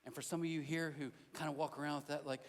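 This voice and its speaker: A fast-talking pastor with a slightly high voice and level tone preaches in a church sanctuary, the sound filling the big room. He tells stories conversationally and pushes his points home by repeating them.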